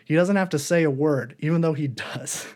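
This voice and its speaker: A man's voice: on the high side, normal speed, darkish tone. A man co-hosting a podcast, chatting casually and enthusiastically in long, rambling run-on sentences. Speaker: podcast co-host. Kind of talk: casual chat reviewing TV shows.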